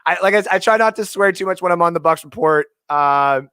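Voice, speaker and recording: A man's voice: high-pitched, fast talker, pushed and bright, clean tone, no room sound, clean studio sound. A man hosting a fantasy football show, ranting emotionally and swearing freely as he gives his picks. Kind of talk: live sports talk stream.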